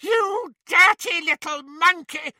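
A man's voice: sing-song, takes it slowly, bright, forceful tone, no room sound, studio quality, exaggerated voice. A man voicing a cruel adult witch who taunts and shrieks. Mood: shrieking. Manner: shrill and taunting.

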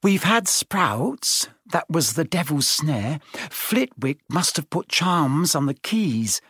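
A man doing a clever schoolgirl witch, brisk and know-it-all, her voice nudged higher than his own. She ticks off facts in a close, dry reading. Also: big pitch swings, a bit bright, husky, no echo, full character voice.

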